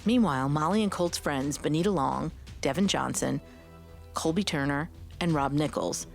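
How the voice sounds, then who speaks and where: A woman co-host giving scripted true crime narration in a measured, dramatic storytelling way. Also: sits low, gravelly, soft background music. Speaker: podcast co-host.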